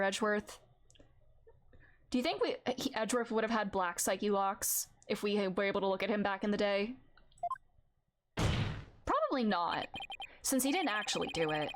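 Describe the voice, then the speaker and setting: A woman's voice: medium pitch, background noise. A woman streamer giving casual, rambling gameplay commentary in an amused, chatty way. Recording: loud game music behind.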